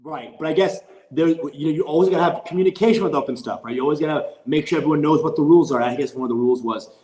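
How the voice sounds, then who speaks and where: A guest comedian on a podcast, with a slightly high voice, talks at rapid-fire speed in an echoey room on a low-quality recording. He casually retells a rambling, profane story in an animated way.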